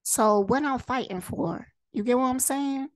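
A woman's voice: high-pitched, a little slow, no room sound. Blunt, profane woman ranting heatedly. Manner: rhetorical questions, repeats lines for emphasis. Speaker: vlogger. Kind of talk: impassioned direct-to-camera monologue.

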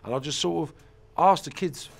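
A man's voice: fairly high pitch, moderate pace, gravelly. A middle-aged man, telling an interviewer about his past in an intense, blunt and profane way with emphatic repeats. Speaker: ex-offender turned mentor and motivational speaker.

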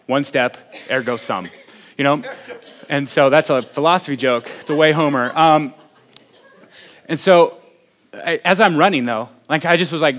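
A man's voice: fairly high pitch, moderate pace, pauses often, fairly bright tone. A man, a pastor preaching a sermon in a conversational, self-deprecating, joking way.

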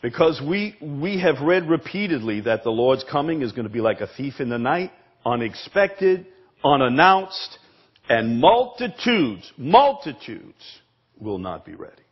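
Husky preacher with lively pitch. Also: male voice, measured pace, highs cut off. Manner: emphatic preaching, repeats words, asks the congregation questions. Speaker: pastor. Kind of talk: sermon. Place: church sanctuary.

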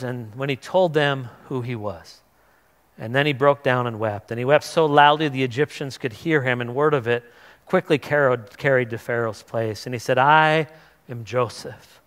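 A male pastor giving a sermon, retelling a scripture story in a casual way, with frequent restarts, and he voices the characters as he goes. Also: mid-range voice. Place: church hall. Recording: long church hall reverb.

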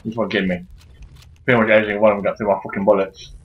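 A man giving let's play commentary while he plays a shooter, swearing constantly and shouting at enemies in frustration. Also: fairly low pitch, level tone, racing, dull audio. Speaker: gamer playing through a shooter.

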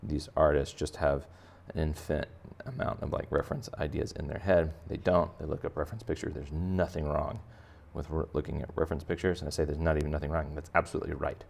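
A man's voice: a bass voice, fairly even intonation, fast, gravelly, few pauses, darkish tone. A man teaching a drawing lesson for kids in a playful, jokey, conversational way. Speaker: art teacher.

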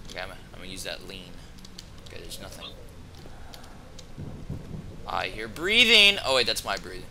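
A man's voice: sits low, steady tone, very fast, vocal fry, very noisy. A young man commentating a horror game in casual chat, jumpy, swearing and exclaiming at every scare. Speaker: gamer playing a horror game. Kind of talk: casual let's-play commentary.

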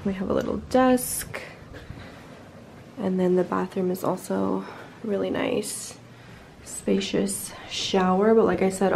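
Sick with a sore throat that makes her voice nasal, a woman gives casual, upbeat travel vlog narration from her hotel room and city streets. Her mid-range voice is darkish with vocal fry. There's background music and slight background noise on the low-quality recording.

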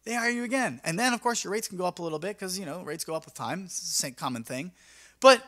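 A man's voice: high voice, lively intonation, fast, a bit bright. A young man, a mobile DJ, talking casually and energetically in a vlog, acting out his talks with clients in a slangy, upbeat way. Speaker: mobile DJ and vlogger.

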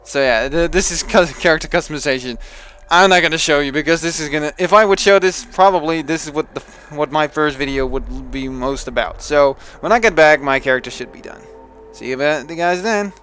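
A man's voice: fairly high pitch, brisk, few pauses, fairly bright tone, smooth. A young man with a Dutch accent, chatting casually and thinking aloud as he plays a video game. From Netherlands. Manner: chatty, thinks aloud with restarts and self-talk. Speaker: let's play gamer.

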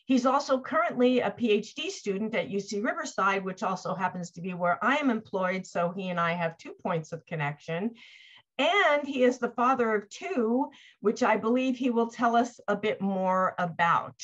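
A woman's voice: mid-range voice, lively intonation, normal speed. A woman hosting an online seminar, introducing the guest speaker and reading the introduction with a few fillers. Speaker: seminar host. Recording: slightly dull audio.

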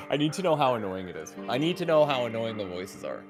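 A man chatting easily and calling out moves while playing a co-op video game, over game music. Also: mid-range voice. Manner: easygoing, calls out plays. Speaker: co-op game commentator. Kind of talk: casual let's-play chat.

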